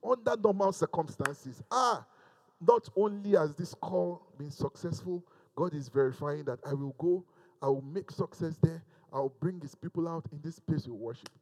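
A man's voice: on the high side, moderate pace, a little mellow, rough recording. A male pastor preaching a sermon in a church service, emphatic and repeating phrases for emphasis.

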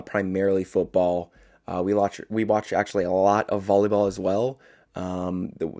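A young man hosting a solo podcast, chatty and rambling, often laughing at himself and filling pauses with "uh.". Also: fairly low pitch, warm tone. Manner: chatty, rambling, self-amused with frequent fillers. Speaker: podcast host. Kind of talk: casual solo podcast chat.

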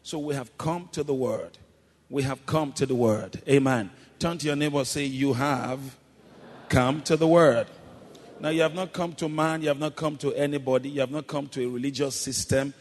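A man preaching a sermon, calling the congregation to repeat his words and building to loud, shouted exclamations. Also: medium pitch, normal speed. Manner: calls congregation to repeat after him, rising to shouts. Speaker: pastor. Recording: long hall reverb.

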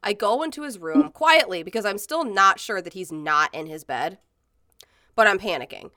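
A woman in her thirties rambles through a story in loose, casual chat, full of fillers and freely swearing. Her voice sits at an ordinary middle pitch. It is recorded close and dry, with no room sound. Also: lively intonation, normal speed, bright, forceful tone, no echo. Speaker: podcast co-host.

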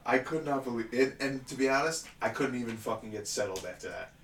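Quick-paced and medium-pitched, a man recorded from a distance, somewhat off-mic, tells a story in casual chat. The room adds echo and faint noise, and he's animated throughout, swearing often and laughing a lot.

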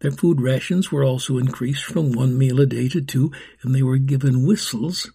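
A man narrating a storybook in a grave, steady telling. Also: medium pitch, normal speed, gravelly, breathy edge.

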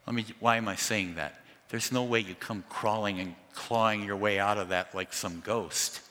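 A man preaching a sermon through a sound system, telling the story dramatically with lively asides. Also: fairly low pitch, normal speed, in a large hall. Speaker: pastor. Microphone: amplified through a sound system.

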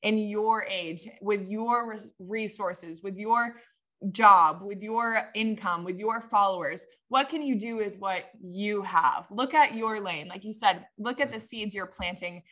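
A woman's voice: mid-range voice, measured pace, pushed and bright. A woman hosting a podcast, talking in emphatic, rhythmic lists. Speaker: podcast host. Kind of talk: casual podcast chat.

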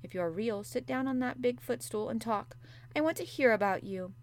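A woman voicing a spoiled, sickly boy who is imperious and weary, speaking higher and more insistently. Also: a little fast, lightly acted. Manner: demanding, raised pitch.

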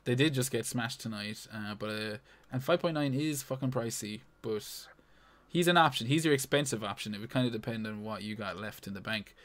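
A man in laid-back podcast conversation, padding his points with "you know" and "um" and swearing freely. His voice sits at an ordinary pitch for a man. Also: a little fast, a bit bright. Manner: loose and sweary, full of fillers like "you know" and "um". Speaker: podcast co-host. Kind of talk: casual fantasy football chat.

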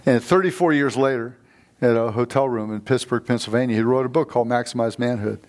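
A man's voice: medium pitch, fast talker, a little mellow. A middle-aged man preaching a sermon as a guest speaker in a church. He tells stories with energy and keeps calling out for amens from the congregation. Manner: fired-up, storytelling, calls for amens. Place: church sanctuary.

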